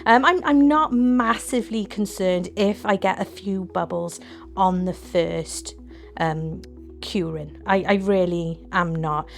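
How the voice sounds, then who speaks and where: A woman with an excitable, gushing manner, chatting casually through a resin craft tutorial at home. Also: medium pitch, slow pace, gravelly, soft background music.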